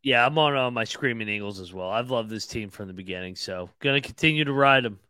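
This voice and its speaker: Easygoing man with a bright voice. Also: mid-range voice, animated, quick pace, no echo. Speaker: co-host. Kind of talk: casual betting picks chat.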